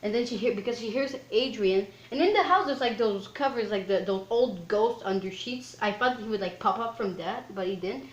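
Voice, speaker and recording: A film reviewer, an excitable woman, loosely rambles through a movie's plot in a casual recap, filling every gap with "like" and "um" and hardly pausing. Her voice is an ordinary middle pitch at normal speed, and the muffled recording has a noticeable roomy echo.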